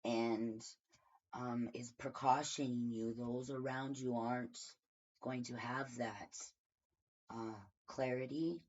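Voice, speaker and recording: Husky tarot reader, slow unhurried delivery, rambling with lots of fillers, dull lo-fi recording. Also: mid-range voice, level tone. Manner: rambling, thinking aloud with many fillers. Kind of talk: casual daily tarot reading.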